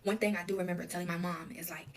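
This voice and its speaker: A woman's voice: on the low side, fairly even intonation, a little hiss or hum. A woman recounting her own past in a casual storytime confession, talking emotionally with lots of "like". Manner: rapid, emotional retelling full of "like".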